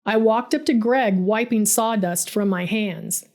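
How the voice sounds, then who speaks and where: A woman's voice: medium pitch, a little slow, a little mellow. A woman narrating her own first-person story, dramatic and bitter in tone.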